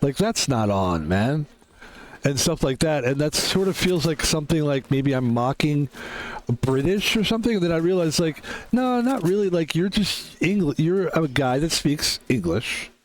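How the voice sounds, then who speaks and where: A hoarse man whose voice is still recovering, rambling chattily while he streams a game. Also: on the high side, normal speed. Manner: rambling, chatty, self-mocking. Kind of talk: casual live-stream chat while gaming.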